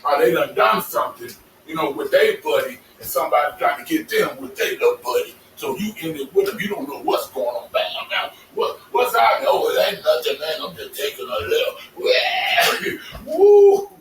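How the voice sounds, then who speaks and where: A man telling casual stories to his vlog audience, animated and laughing, cursing freely as he talks. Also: high-pitched, a little fast, vocal fry. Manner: animated, swearing, laughing storyteller. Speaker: vlogger. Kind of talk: casual storytelling monologue. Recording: echoey, distant mic with faint noise.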